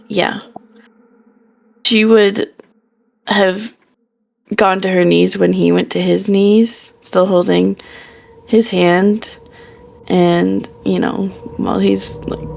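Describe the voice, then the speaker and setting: Female player, unhurried, gravelly low-ish voice, music underneath. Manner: hesitant, filler-laden. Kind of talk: casual tabletop play.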